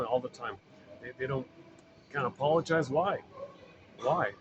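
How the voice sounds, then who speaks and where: A man's voice: medium pitch, moderate pace, dull audio, noisy background. A man lecturing informally on psychology, rambling and repeating phrases with frequent fillers. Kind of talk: informal recorded talk.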